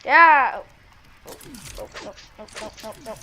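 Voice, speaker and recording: A woman narrating her own gameplay in a casual, reactive way, muttering to herself between sudden excited outbursts. Her voice sits on the high side. Clear game noise runs underneath her. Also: measured pace. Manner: reactive, talks to herself, bursts of excited yelling. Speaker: gameplay streamer.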